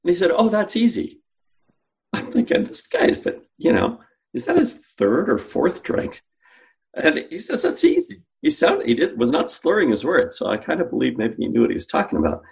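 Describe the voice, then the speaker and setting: A man's voice: a little high, wildly swooping pitch, fairly quick, vocal fry. A man, a guest on an interview, telling a story and acting out the dialogue he quotes. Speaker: guest, sales company founder.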